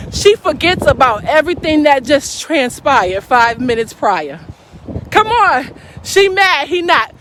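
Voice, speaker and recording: A woman's voice: sits high, sing-song, measured pace, background noise. A woman giving a fervent, preaching-style live stream talk, calling out to her audience as a faith speaker.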